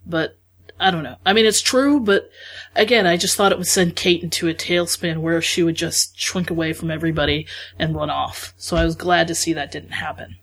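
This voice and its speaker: A woman's voice: on the low side, fairly quick. A woman co-hosting a podcast, chatting enthusiastically and acting out her own reactions. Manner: enthusiastic, animated retelling with quoted reactions. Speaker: podcast co-host. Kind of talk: casual chat.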